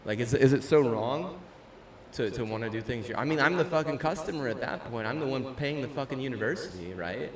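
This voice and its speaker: A man's voice: medium pitch, lively intonation, a little fast. Young man ranting profanely, roomy distant mic. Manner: profane, ranting, lots of fillers and restarts. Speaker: streamer. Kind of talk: casual rant while gaming. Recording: roomy, distant mic with faint room noise.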